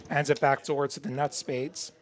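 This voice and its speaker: A man's voice: medium pitch, little pitch movement, moderate pace. Easygoing man calling poker hands. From not from Texas. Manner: analytical, easygoing, walks through each hand. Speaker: poker commentator. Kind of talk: live play-by-play commentary.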